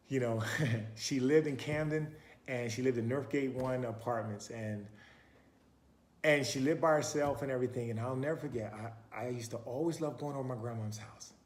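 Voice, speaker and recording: A man giving a motivational talk in a preaching manner, pressing with repeated questions and dropping from loud urging to near-whispers. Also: mid-range voice, reverberant. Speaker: motivational speaker.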